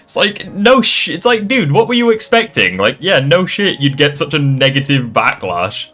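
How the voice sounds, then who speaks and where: A man's voice: a little high, big pitch swings, normal speed, pushed and bright, faint music behind. A young man reacting live to a video, sarcastic and exasperated, swearing often.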